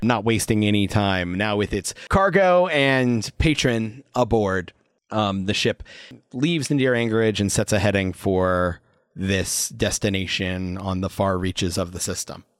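A man running a tabletop role-playing game as game master, narrating scenes in a relaxed way with fillers. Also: fairly low pitch, dry recording, studio quality. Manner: relaxed storyteller with fillers, puts on quick voices.

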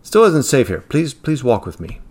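A man voicing a calm, confident, graying gentleman who guards time, speaking firmly and evenly. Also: mid-range voice, slightly rough. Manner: calm, firm and measured.

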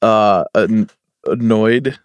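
A man chatting casually with friends on a podcast, reacting with lively swings and reading tweets aloud. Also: fairly low pitch, extremely slow, no room sound. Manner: animated, reads tweets aloud. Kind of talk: casual chat.

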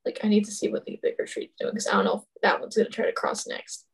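A woman's voice: medium pitch, level tone, fast talker, creaky, slightly rough. A woman playing in a tabletop game, chatting casually and a little hesitant. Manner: hesitant, repeats words. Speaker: player.

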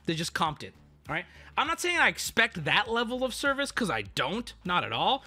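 A man streamer telling a ranting story, animated and profane, with sudden outbursts. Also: high voice, moderate pace. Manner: animated, swearing, mock voices and sudden outbursts.

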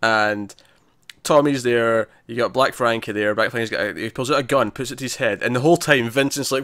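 A man's voice: mid-range voice, a little fast, fairly bright tone, no room sound, studio quality. A man casually recapping a TV episode with a friend, retelling scenes with many restarts and frequent laughs. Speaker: podcast co-host.

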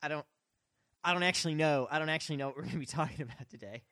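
A man's voice: a little high, very fast, pushed and bright, no echo, studio quality. A man co-hosting a casual podcast chat, goofy and playful, often laughing as he talks. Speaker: podcast co-host.

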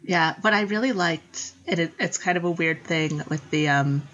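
A woman talks in a relaxed, casual way with a breathy, husky edge. She laughs often and slips into playful voices for quoted lines. The recording sounds dull and lo-fi. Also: lowish voice, normal speed. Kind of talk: casual chat.

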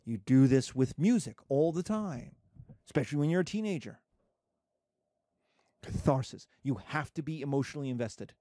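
A man in his fifties giving a classroom lecture, animated and jokey, with digressions along the way. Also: a little high, normal speed, no room sound, clean studio sound. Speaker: teacher.

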